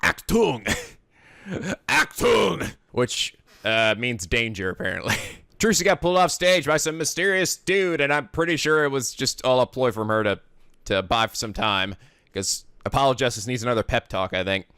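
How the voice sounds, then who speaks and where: A man doing a goofy, excitable let's play commentary, swearing and joking. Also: mid-range voice, moderate pace, clean tone, no echo, clean studio sound. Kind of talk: game commentary.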